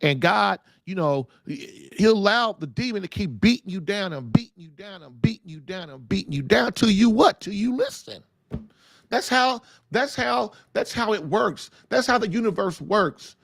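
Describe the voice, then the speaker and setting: A man's voice: sits high, expressive, normal speed, creaky, no echo. A man hosting a faith-based show, preaching in emphatic, casual talk full of folksy slang and repeated phrases for punch. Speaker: podcast host.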